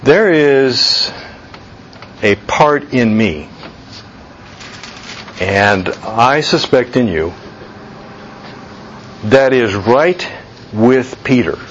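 A man preaching a sermon slowly and deliberately, jumping to a much higher pitch when he voices people's reactions. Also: animated, fairly bright tone, lo-fi sound, slight background noise. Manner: slow deliberate preaching, voice leaps high for quoted reactions. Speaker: pastor.

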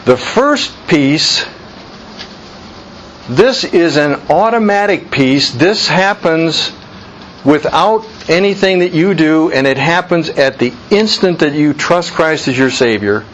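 A man's voice: a little high, lively intonation, slow, highs cut off, a little hiss or hum. A man leading an informal Bible study, talking earnestly and conversationally, repeating his points for emphasis.

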